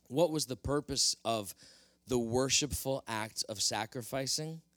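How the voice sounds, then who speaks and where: A man's voice: mid-range voice, measured pace, a bit bright, no echo. A male pastor preaching a sermon, earnest and explanatory, addressing the congregation directly.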